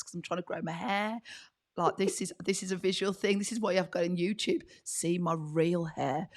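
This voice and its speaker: A middle-aged woman co-hosting a podcast, chatting and laughing with a husky, fading voice. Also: mid-range voice. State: losing her voice, husky. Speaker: podcast co-host. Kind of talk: casual chat.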